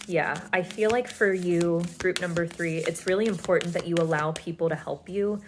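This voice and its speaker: A woman's voice: lowish voice, moderate pace, background noise. A woman giving a pick-a-card tarot reading, talking in a soothing, reassuring way with many fillers.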